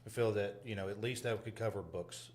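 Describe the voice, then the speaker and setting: A man's voice: lowish voice, fairly even intonation, brisk, a little mellow. A man from a local chamber of commerce talking casually, earnest and appreciative. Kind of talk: casual local talk show chat.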